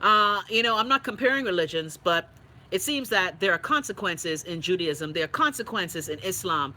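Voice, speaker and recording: Bahamian woman host, profane and animated, bright forceful voice, casual live-stream chat. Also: on the low side, moderate pace, rough recording. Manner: blunt, profane, animated storytelling.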